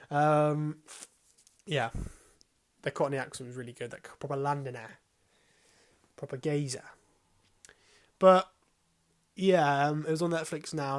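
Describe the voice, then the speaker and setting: A man gives a casual, rambling film review, full of hesitations and casual swearing. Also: mid-range voice.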